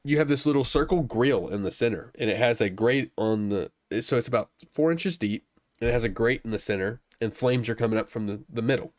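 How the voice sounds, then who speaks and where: Young American male co-host, average pitch, loose and jokey, swears constantly. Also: fairly quick. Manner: profane, teasing, laughs often. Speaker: podcast co-host. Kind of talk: casual podcast chat.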